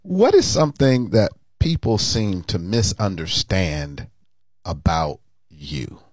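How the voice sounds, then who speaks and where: A pastor hosts a relaxed interview, folksy and quick to laugh. His man's voice swings widely in pitch. The recording is dry and close. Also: no room sound. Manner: animated, folksy, laughs with guest. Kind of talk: casual interview.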